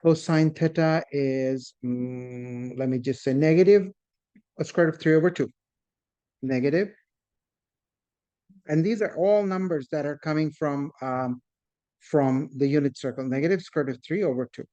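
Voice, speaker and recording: In a classroom math lecture, a man with a fairly high, mellow voice speaks at normal speed, and the recording's highs are cut off. He walks through each step, regularly checks on his students, addresses them as "guys" and encourages questions.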